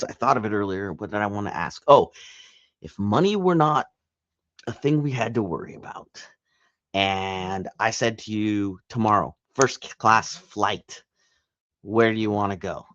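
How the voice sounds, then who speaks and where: Low-voiced man rambling through a vlog. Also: expressive, unhurried, fairly bright tone, no echo, muffled recording. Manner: chatty, rambling, self-interrupting. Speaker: reselling vlogger. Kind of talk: casual vlog update. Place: at home.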